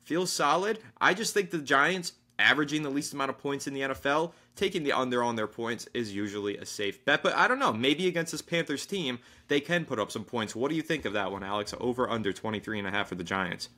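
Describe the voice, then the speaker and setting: Bright-voiced male sports podcast host. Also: mid-range voice, expressive, quick pace, hardly any pauses. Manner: enthusiastic, reads sponsor plug. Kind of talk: casual sports talk.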